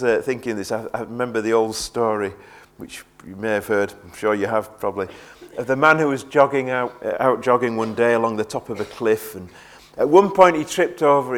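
A man preaching a sermon in an earnest way, often repeating words as he presses a point. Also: mid-range voice.

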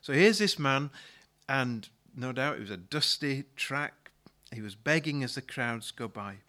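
A man's voice: medium pitch, lively intonation, measured pace, pushed and bright. A male pastor preaching a sermon, retelling a story in a conversational way and often repeating words as he restarts a thought.

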